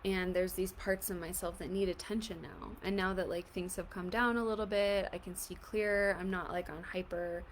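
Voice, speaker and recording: Gentle woman guiding a tapping session. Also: on the low side, fairly even intonation, moderate pace, hardly any pauses, slight background noise. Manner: casual, fills speech with "like"; gentle and reassuring. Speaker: EFT tapping coach.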